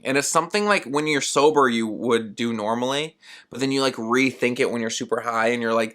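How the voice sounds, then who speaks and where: A young man hosting a solo podcast, telling a personal story in a rambling, animated way, full of "like" and acted-out quotes of himself. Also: medium pitch, brisk. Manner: rambling and animated, heavy use of "like"; acts out his own past words in quoted asides. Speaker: podcast host.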